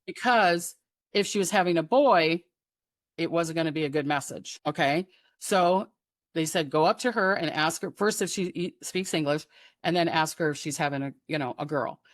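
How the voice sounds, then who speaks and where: A woman tells a story in a lively, casual way, slipping into the voices of the people in it and laughing often. Her voice sits a little low, and the sound is dry and close. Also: normal speed, no room sound. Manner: animated, acts out quoted voices, laughs often. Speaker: psychic guest.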